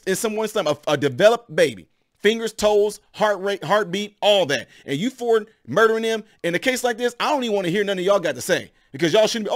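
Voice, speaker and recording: A man hosting his own channel, giving heated, rambling opinion commentary to his viewers. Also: high voice. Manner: animated, rambling, addresses viewers as y'all.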